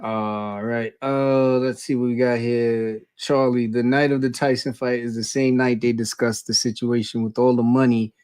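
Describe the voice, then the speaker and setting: A man's voice: mid-range voice, little pitch movement, normal speed, hardly any pauses, darkish tone, clear, resonant tone, no room sound, studio quality. A man co-hosting a live podcast in a laid-back, slangy casual chat, drawing out his words. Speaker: podcast co-host.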